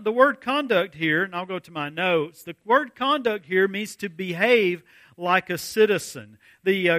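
Male pastor, bright high voice, dry close mic, measured expository preaching. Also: dry recording. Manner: measured, deliberate, slows to stress key phrases. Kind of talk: expository sermon reading scripture.

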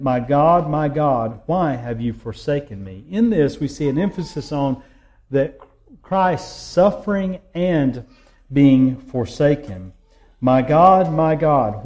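Slow, mellow-voiced preaching man. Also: on the high side. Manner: slow, measured preaching with emphatic pauses. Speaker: pastor. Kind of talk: sermon. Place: church sanctuary.

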